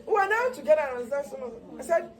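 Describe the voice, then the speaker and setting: A woman nurse with a Nigerian accent telling a comic story about her work, in an animated way and mixing in Yoruba words. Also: high-pitched, fast, some chatter behind.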